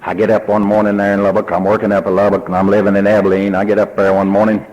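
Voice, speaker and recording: Older Texan man, convention speaker; low, husky voice; folksy storyteller who acts out the dialogue he remembers. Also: flat delivery, fast, darkish tone, muffled recording. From Texas. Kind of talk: personal testimony.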